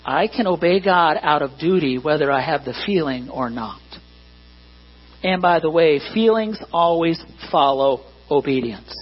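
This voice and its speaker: A pastor delivering a sermon in an earnest way, rising to emphatic points and dropping to quiet asides. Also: male voice, fairly high pitch, animated, unhurried, breathy edge. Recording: dull lo-fi recording with mains hum.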